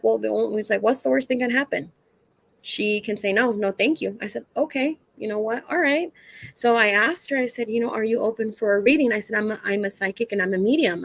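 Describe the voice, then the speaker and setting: A woman telling stories as a guest psychic in a loose, chatty way. Her voice sits at an ordinary middle pitch, and the recording is dry and close with no room sound. She leans on lots of fillers and acts out what people said. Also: gravelly, no room sound. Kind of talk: casual storytelling.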